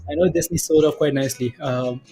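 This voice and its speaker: A man's voice: a little high, steady tone, fast, mellow, soft background music. A man hosting a casual stock market livestream, laid-back and laughing often, checking himself with "right?". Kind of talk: casual live market chat.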